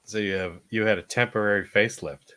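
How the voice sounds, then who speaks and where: A man hosting a casual podcast chat, animated and hesitant, with many fillers. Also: fairly low pitch, fast talker, no room sound. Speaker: podcast host.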